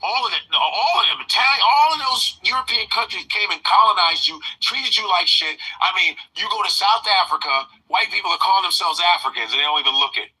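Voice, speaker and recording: A man telling comic stories in a profane, animated way, now and then mimicking other voices. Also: sits high, fairly quick, few pauses, breathy edge, low-quality recording. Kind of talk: profane comedic storytelling.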